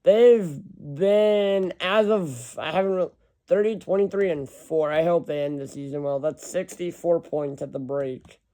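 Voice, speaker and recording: Man, fairly high smooth voice, casual rambling, reads off lists, self-correcting. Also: unhurried, dark tone. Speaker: hockey fan ranking team schedules. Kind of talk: casual solo commentary.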